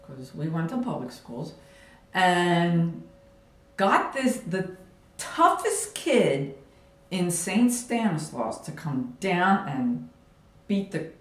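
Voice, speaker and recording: A woman retelling a personal memory in a vivid, animated way, acting out moments with sound effects. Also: lowish voice, slow pace, pauses often, echoey room. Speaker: storyteller. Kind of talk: personal storytelling vlog.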